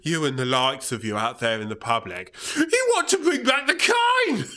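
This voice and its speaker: A man's voice: on the high side, very animated, normal speed, sharp tone. A man playing a pompous, patronizing politician who sneers sarcastically and ends lines with "mate". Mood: smug. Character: smug pompous male left-wing politician, patronizing. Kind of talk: comedy sketch.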